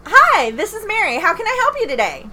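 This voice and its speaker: A woman's voice: very high voice, huge pitch swings, a little fast, bright, forceful tone, pitched above the performer's own voice, heavily acted. A woman putting on a fake, chipper customer service agent voice, overly polite with a forced smile.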